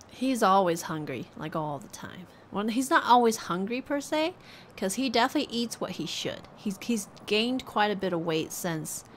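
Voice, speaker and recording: Woman streamer, relaxed and chatty, lively melodic voice, slow delivery. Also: medium pitch, slight background noise. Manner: coos at her cat, chatty and relaxed. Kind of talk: casual live-stream chat.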